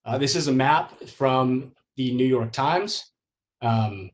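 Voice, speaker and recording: A man gives a loose, chatty presentation over a video call. His voice sits at an ordinary middle pitch, and he often stops to say um and uh as he talks. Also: slow pace. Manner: relaxed, many filler ums. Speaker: user group presenter. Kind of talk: conversational presentation.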